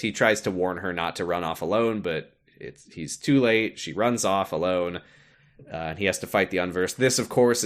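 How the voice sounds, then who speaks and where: A man co-hosting a podcast, recapping a game in casual chat with quick asides and frequent laughs. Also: lowish voice. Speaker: podcast co-host.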